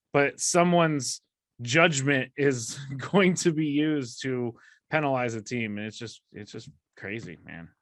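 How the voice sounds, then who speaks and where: A man co-hosting a casual sports podcast, quick to laugh. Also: mid-range voice, dry recording, clean studio sound. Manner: laughs easily, lively. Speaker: podcast co-host.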